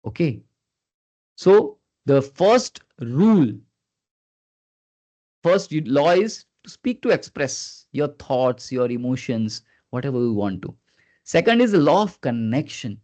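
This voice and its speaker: A man leading a live online training session as a communication skills trainer, earnest and coaxing, who keeps prompting his listeners and swings his pitch up and down on purpose. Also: sing-song, slow, warm tone. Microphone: video call. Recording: dull lo-fi video call audio.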